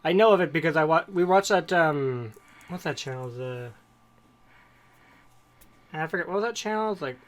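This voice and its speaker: A man co-hosts a podcast, speaking at a fairly high pitch with an animated, moderately paced delivery broken by long pauses. He chats casually, rambling and digressing from one topic to the next as he tells his stories.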